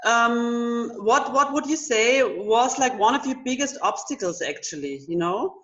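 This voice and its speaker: A woman's voice: on the high side, animated, unhurried, fairly bright tone. A woman hosting a casual interview, encouraging her guest with frequent affirmations. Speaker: interviewer, host. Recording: dull lo-fi sound.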